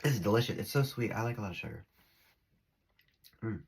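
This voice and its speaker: Man, rambling giggly phone vlog, husky gravelly voice, restarts a lot. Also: lowish voice, animated, a little fast. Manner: rambling, giggly, restarts often, drifts between topics. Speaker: spiritual vlogger. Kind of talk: rambling monologue to camera. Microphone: phone camera.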